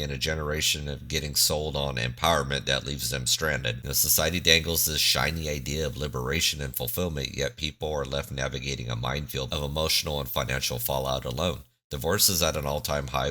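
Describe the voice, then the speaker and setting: A man with a very deep voice delivers blunt, preachy commentary as the host of his own channel. His tone is bright and forceful, and he leans on "you know" and "I mean" as he hammers his points home. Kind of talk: opinionated reaction commentary.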